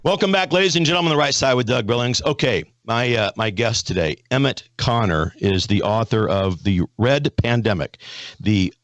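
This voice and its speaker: A man's voice: medium pitch, moderate pace, fairly bright tone, no echo. An American man hosting a conservative talk show, folksy, with frequent restarts and repeated words. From United States.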